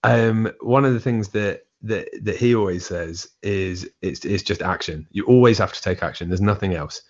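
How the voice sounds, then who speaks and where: Man, English accent, very deep voice, rambling casual chat, filler-heavy, slightly dull recording. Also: moderate pace. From England, near Essex. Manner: rambling, frequent restarts and filler "like". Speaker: podcast guest, drummer.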